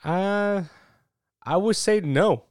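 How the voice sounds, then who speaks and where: A man preaching in a relaxed, conversational way, taking his time over every phrase. His voice is clear and smooth, with a dry, close sound and no room echo. He often laughs at himself between points. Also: high voice, very slow. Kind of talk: casual conversational sermon.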